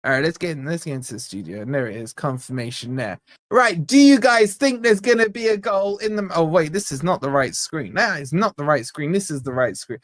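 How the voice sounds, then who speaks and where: A man's voice: a little high, lively intonation, fairly quick, dry recording, studio quality. A young man hosting a live football watch-along, bantering with the chat and reading out donation messages in a jokey way. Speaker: fan channel host.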